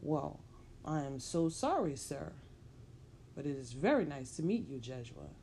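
A woman voicing a smooth-talking, predatory man who bargains eagerly. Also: sits low, big pitch swings, a little slow, mellow, a little hiss or hum, heavily acted. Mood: ingratiating.

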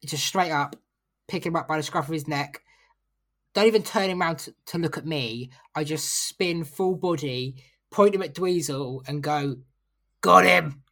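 A man's voice: a little high, normal speed. A man playing a tabletop game, casually describing his character's moves. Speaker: player.

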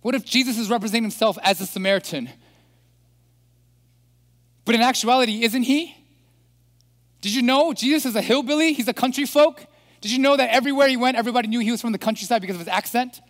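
A man preaching a sermon as pastor, animated and throwing rhetorical questions at the congregation. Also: extremely high pitch, fast talker, pauses often. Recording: long hall reverb.

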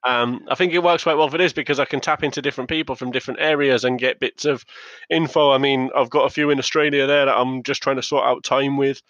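A man's voice: mid-range voice, fairly even intonation, quick pace, a bit bright, dry recording. A man with a mixed English regional accent hosting a podcast, chatting casually and rambling a bit with fillers. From England. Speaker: podcast host. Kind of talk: casual chat. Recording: dry, dull lo-fi sound.

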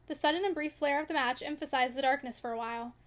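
High-voiced, quick woman reading a classic novel. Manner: expressive, measured reading. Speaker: audiobook reader. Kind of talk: scripted narration of a classic novel.

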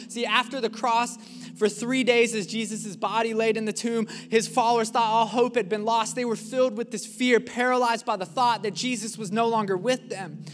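Man, pastor, sermon, impassioned, high-pitched, bright, long hall reverb. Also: a little hiss or hum. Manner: impassioned preaching, acted-out quotes, builds to shouts.

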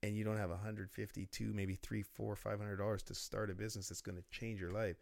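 A man with a lowish, gravelly voice tells stories in a relaxed interview, often breaking into laughter. The sound is dry and close, with no room around him. He speaks like a business mentor sharing lessons. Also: brisk, dry recording. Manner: storytelling, animated, laughs often. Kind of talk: casual interview talk.

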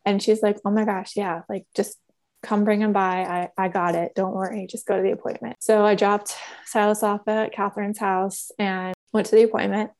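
A woman's voice: mid-range voice, level tone, moderate pace, a little mellow. A young adult woman on a community call, telling a personal story in a candid, conversational way with plenty of fillers. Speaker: podcast guest sharing a personal story.

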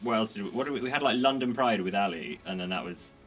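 A man's voice: lowish voice, fast talker, music in the background. A man co-hosting a podcast, teasing his guest in casual chat. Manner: bright, animated, teasing. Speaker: podcast co-host.

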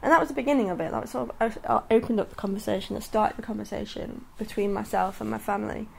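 A woman's voice: medium pitch, fairly even intonation, fast, creaky, slight background noise. A woman in her thirties speaking candidly and earnestly in a personal podcast monologue. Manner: candid and earnest, many restarts and soft laughs. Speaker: podcast host.

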